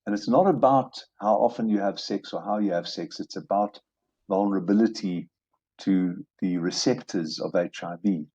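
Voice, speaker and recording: A man in his sixties from South Africa, talking as a guest in an interview, earnest and measured with emphatic turns. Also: sits low, mellow, husky, lo-fi sound. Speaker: guest, judge. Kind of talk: reflective interview talk.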